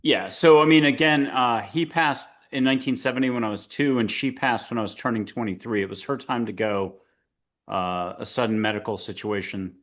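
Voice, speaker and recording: A man's voice: medium pitch, a bit bright. Rambling middle-aged male podcast host. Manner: rambling, halting with many fillers. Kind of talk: casual spiritual interview chat.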